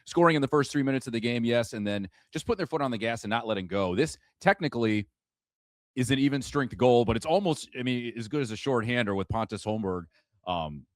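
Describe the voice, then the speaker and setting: Animated man hosting a sports podcast. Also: mid-range voice, brisk, no echo, clean studio sound. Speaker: podcast co-host. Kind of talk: casual sports chat.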